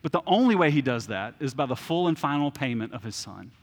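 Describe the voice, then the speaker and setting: A man's voice: mid-range voice, very animated, fairly quick, breathy edge, long reverb tail. A man in his thirties preaching a sermon as pastor, conversational, with asides and restarts.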